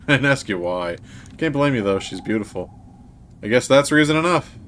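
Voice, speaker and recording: A man reading out the lines of a gruff male thief-gang boss in a video game, in a rough, bossy way. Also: medium pitch, animated, normal speed, fairly bright tone, a little hiss or hum, natural voice. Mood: gruff teasing.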